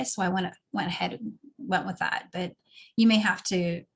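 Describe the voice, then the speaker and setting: Husky woman teaching a craft step by step. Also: mid-range voice, fairly quick. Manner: relaxed, chatty, explains as she works. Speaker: craft instructor.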